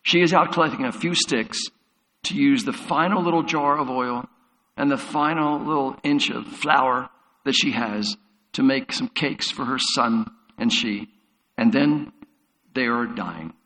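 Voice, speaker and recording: A man's voice: medium pitch, measured pace, fairly bright tone. A man preaching a sermon as a pastor, retelling Bible stories vividly. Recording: long hall reverb.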